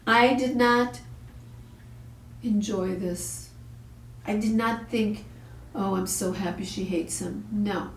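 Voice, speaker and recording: A woman's voice: medium pitch, steady tone, takes it slowly, gravelly, pauses often. A woman hosting a parenting talk, telling a story bluntly and with profanity, acting out the voices she quotes. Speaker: parenting show host. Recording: echoey room, far from the mic.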